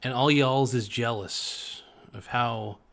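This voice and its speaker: A man's voice: mid-range voice, creaky. Joking man hosting a rambling livestream. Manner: joking, rambling, with drawn-out words and sudden loud bursts. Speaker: livestream host. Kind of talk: casual livestream commentary.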